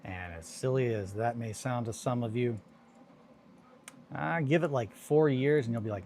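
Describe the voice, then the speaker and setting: A man's voice: medium pitch, expressive, measured pace, long pauses, darkish tone, a little hiss or hum. A man chatting casually on a hobby live stream, rambling and joking while he mutters to himself over his work.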